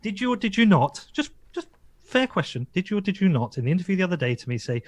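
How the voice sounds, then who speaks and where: Fast, insistent male host. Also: high-pitched, sing-song. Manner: insistent, repeats questions, stammers. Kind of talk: pressing livestream interview.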